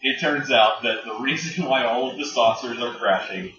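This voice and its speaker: A man's voice: medium pitch, moderate pace, noisy background. A man co-hosting a podcast in casual chat, rambling and laughing with many fillers. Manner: rambling, laughing, full of likes. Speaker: podcast co-host. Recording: distant, dull, roomy mic with chatter behind.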